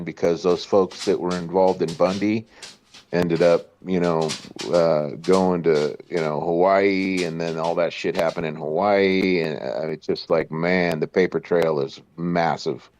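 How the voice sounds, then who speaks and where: A man's voice: sits low, fairly even intonation, unhurried, darkish tone, a little hiss or hum. A man in casual chat, laid-back, saying "dude" and "you know" often. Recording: dull dry lo-fi sound.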